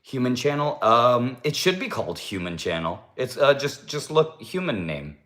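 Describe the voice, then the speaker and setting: A man chatting on a casual livestream, his voice swinging widely as he coos at his pet duck in a high, sing-song baby talk. In between he drops into an easy middle-pitched voice to read and thank viewers' comments. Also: big pitch swings, moderate pace, fairly bright tone. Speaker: livestream host.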